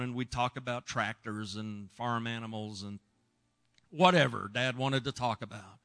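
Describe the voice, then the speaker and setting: A middle-aged man preaching, telling a personal testimony with emotion, dropping to hushed tones and rising loud. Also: mid-range voice, normal speed. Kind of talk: sermon testimony.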